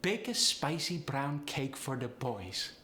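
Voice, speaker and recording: A man putting on a Polish accent in English, with forward resonance, a rising inflection and slow, even example sentences. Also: mid-range voice, a little hiss or hum, voice pushed up, full character voice. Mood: demonstrating. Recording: roomy echo.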